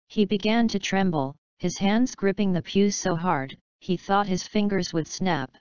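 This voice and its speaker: A woman narrating an audiobook in a dry, even storytelling manner. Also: mid-range voice, unhurried, few pauses, clean tone, no room sound, lo-fi sound. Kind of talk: scripted narration.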